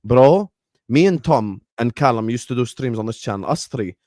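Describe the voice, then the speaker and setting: A man's voice: medium pitch, expressive, moderate pace, warm tone, no room sound, studio quality. A man hosting a stream, hyping and teasing his guest in playful banter. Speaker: host. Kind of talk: casual chat on a stream.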